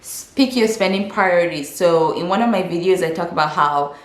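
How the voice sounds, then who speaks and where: A woman's voice: fairly low pitch, fairly quick. Chatty young woman from Africa, echoey room. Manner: frank, chatty, lots of fillers and restarts. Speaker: vlogger. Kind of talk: casual advice vlog.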